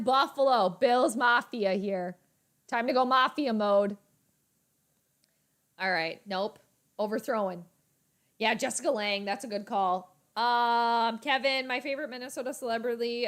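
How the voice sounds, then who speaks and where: Excitable young woman streaming live. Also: fairly high pitch. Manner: chatty, reads viewer comments aloud, bursts of excitement at the game. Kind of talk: casual live reaction chat.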